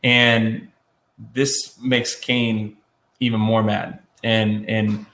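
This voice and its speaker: A man teaching a Bible lesson in a casual, conversational way, with many fillers and restarts and quick acted-out quotes. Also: lowish voice, flat delivery, a bit bright, reverberant.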